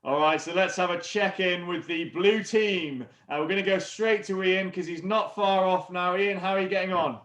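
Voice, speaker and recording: A keen man hosts a live-streamed workout with a fairly high voice, full of praise and tripping over his own restarts. His voice rings in an echoey room. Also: fairly even intonation, moderate pace, few pauses, a bit bright. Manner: enthusiastic, stumbles over restarts. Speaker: host of a live online fitness event. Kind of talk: upbeat live-stream hosting.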